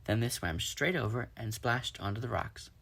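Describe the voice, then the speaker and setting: Gravelly, husky man reading a story aloud. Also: medium pitch, moderate pace, fairly bright tone. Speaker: reader.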